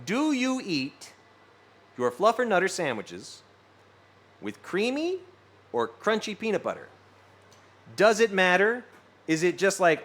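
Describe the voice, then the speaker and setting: A man chats with his live-stream audience in a loose, rambling way, swearing freely. His voice sits a bit high and swings widely, jumping up for excited reactions. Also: measured pace, long pauses. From US West Coast. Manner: animated, swearing, rambling storytelling. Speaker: streamer reading chat. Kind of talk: casual live-stream chat.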